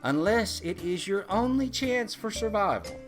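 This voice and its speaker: A man telling a funny personal story in a casual, animated way and chuckling through it. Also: sits high, unhurried, faint music behind.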